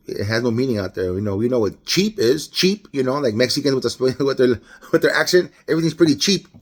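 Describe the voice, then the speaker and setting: A man's voice: medium pitch, a little fast. A man from Los Angeles with a Los Angeles accent, giving a casual, rambling, unscripted devotional talk with many restarts. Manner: casual, rambling, self-correcting, laughs often. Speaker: lay devotional speaker.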